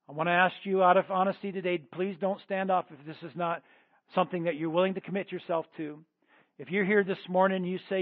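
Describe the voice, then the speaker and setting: A male pastor preaching a sermon in a church service, leading the congregation into prayer with fervent, repeated calls that swing between loud bursts and hushed pleading. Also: high-pitched, steady tone, fast, no echo, phone-quality sound. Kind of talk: sermon with altar-call prayer.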